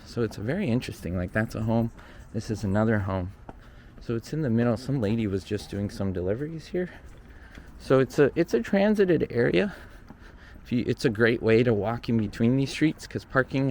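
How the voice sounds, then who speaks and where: A man with a medium-pitched, slightly mellow voice narrates a casual walking tour of a hillside stairway outdoors. As a vlogger touring the spot, he's chatty and thinks aloud, a little winded from climbing, recorded on a handheld camera mic amid faint outdoor noise.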